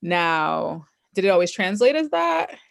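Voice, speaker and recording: A woman guest in a casual podcast chat, telling stories in a relaxed, animated way and laughing often. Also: on the low side, a little slow, gravelly, dry recording, clean studio sound.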